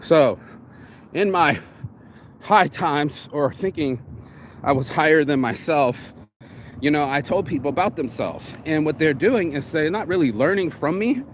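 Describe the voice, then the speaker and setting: A man's voice: on the high side, lively intonation, measured pace, slight background noise. A man vlogging outdoors, rambling in a candid, confessional way with many fillers and restarts. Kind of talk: casual morning livestream monologue.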